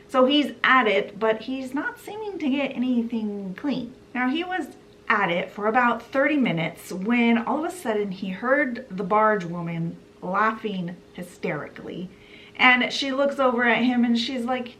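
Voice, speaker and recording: A woman's voice: a little high, expressive, unhurried, fairly bright tone. A woman hosting a book channel, retelling a classic story in a chatty, casual way. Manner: chatty, fills with "you know" and "he's like".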